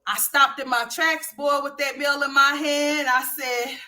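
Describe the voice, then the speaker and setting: A woman from Oklahoma hosting a livestream, telling a story in a loose, animated and profane way, dropping to low mutters and rising to loud exclamations. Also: unhurried. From Oklahoma, USA. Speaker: livestream host.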